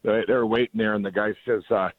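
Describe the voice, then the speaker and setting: A man's voice: lowish voice, fairly even intonation, fast talker, no echo. A middle-aged man being interviewed over the phone, rambling and enthusiastic, with lots of restarts. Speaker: guest. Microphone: phone line. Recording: tinny dry phone line.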